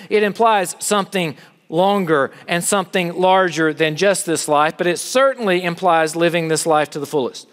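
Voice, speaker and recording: A middle-aged man delivers a sermon in a big chapel hall, his slightly high voice trailing into a long reverb. He keeps it conversational, tossing rhetorical questions out to the listeners. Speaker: campus chapel speaker.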